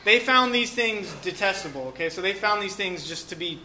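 High, bright-voiced male preacher. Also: lively intonation, brisk, a little hiss or hum. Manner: casual, joking, frequent "okay" and "um". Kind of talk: conversational sermon.

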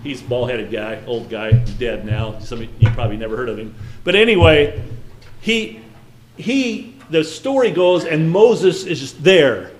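A man's voice: medium pitch, lively intonation, a little slow. A man giving a casual Bible lesson, talking conversationally and asking his listeners questions. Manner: conversational, asks the listeners questions, frequent restarts. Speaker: Bible teacher.

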